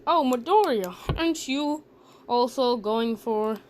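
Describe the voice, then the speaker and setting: A woman's voice: on the high side, slow pace, a little mellow, a little hiss or hum. A woman voicing a tired school teacher speaking matter-of-factly. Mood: dry.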